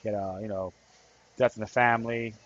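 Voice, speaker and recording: An activist who hosts a podcast tells a story in a rambling, earnest, casual monologue. His voice sits on the low side, slightly bright, with fairly even intonation at a normal speed. The recording is slightly dull, with faint background noise.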